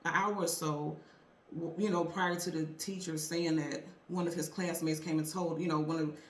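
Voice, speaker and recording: A woman's voice: deep voice, steady tone, normal speed. Earnest chatty woman in an echoey room. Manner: chatty, earnest, many fillers and restarts. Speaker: tarot reader and channel host. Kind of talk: casual storytelling to viewers.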